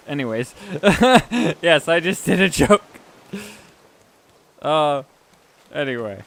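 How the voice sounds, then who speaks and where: Bright-voiced man rambling while gaming. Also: fairly high pitch, big pitch swings, slow pace, gravelly, long pauses, a little hiss or hum. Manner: rambling, self-deprecating, chuckles often. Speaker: streamer. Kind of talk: casual gaming chat.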